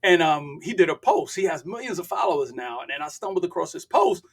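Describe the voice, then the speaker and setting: An older man talking as a podcast guest in an emphatic, preachy way, repeating himself and sometimes breaking into a shout. His voice is husky and breathy, and it sits somewhat high. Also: animated, a little fast. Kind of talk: impassioned podcast talk.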